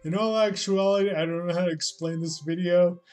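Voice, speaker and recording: A man's voice: sits high, steady tone, a little fast, darkish tone. A man casually commenting on videos during a livestream, dry and sarcastic with mock-scared jokes. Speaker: livestreaming artist reacting to videos.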